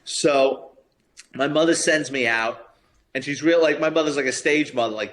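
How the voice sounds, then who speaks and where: Lively storytelling man in his fifties. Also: mid-range voice, normal speed, slight background noise. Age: 50s. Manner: lively storyteller acting out quoted voices, chuckling as he talks. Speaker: retired police officer and author, guest. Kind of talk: anecdotal storytelling.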